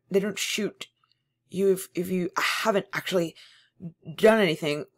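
Woman doing a stammering, panicky prisoner man. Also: on the low side. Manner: stammering, pleading, louder than narration. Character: panicky, servile middle-aged man prisoner.

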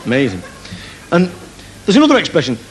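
Animated Mancunian comedian on stage. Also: male voice, on the high side, brisk, some chatter behind. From Manchester, England. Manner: animated, jokey, telling anecdotes with put-on voices. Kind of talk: live stand-up storytelling. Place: large theatre stage. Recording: live theatre recording, faint hiss. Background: audience laughter.

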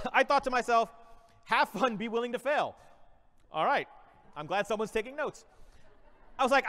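A man's voice: sits high, bright, forceful tone. A man in his forties giving a keynote, improvising a comedic motivational story with playful energy and frequent laughter. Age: 40s. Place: large conference hall. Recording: long reverb of a large conference hall.

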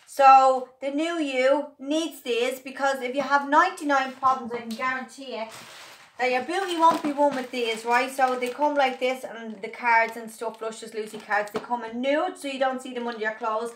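A woman pitches her own product straight to camera in a breezy, playful chat. Her voice sits slightly high, and the room gives it a noticeable echo. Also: fairly even intonation, moderate pace, a little hiss or hum. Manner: chatty, playful and upbeat, addressing viewers as girls. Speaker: online seller demonstrating her product. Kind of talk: casual sales demonstration to camera. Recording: echoey room.

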